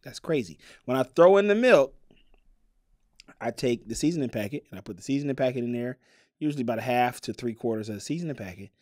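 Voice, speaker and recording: A man's voice: mid-range voice, quick pace, no echo, clean studio sound. Playful Southern man on a podcast. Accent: Southern American. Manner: animated, playful, gives a recipe step by step. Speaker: podcast co-host. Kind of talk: casual chat.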